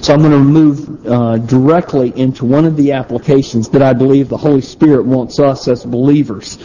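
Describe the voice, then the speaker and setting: Male preacher, mellow tone, conversational sermon delivery, slightly muffled recording with faint background noise. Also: medium pitch, fairly even intonation, normal speed. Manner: conversational Bible teaching with frequent restarts.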